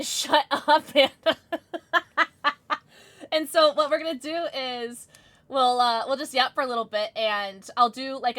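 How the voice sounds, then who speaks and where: A woman streamer chatting casually with her live audience, bubbly and giggly, rattling off quick greetings. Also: fairly high pitch, a bit bright. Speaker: Twitch streamer.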